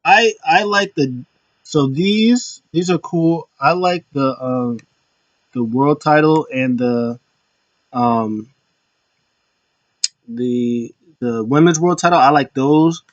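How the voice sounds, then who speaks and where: A man's voice: on the high side, slow, pauses often, no room sound, highs cut off. Casual rambling man, dry sound. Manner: rambling, with restarts and chuckles. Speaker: wrestling show commentator. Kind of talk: casual recap chat.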